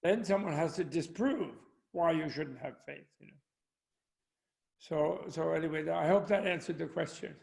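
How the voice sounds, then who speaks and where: A man's voice: fairly high pitch, normal speed, creaky, darkish tone. An older man, a Buddhist scholar, talking over a video call in a rambling, anecdotal way with frequent chuckles. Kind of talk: discussion with jokes. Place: home, online talk.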